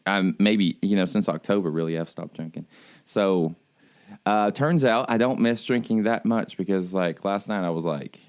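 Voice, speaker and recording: A man's voice: low-pitched, normal speed. A man co-hosting a casual podcast, sleepy and laid-back, rambling with easy laughs. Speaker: podcast co-host. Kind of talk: casual chat.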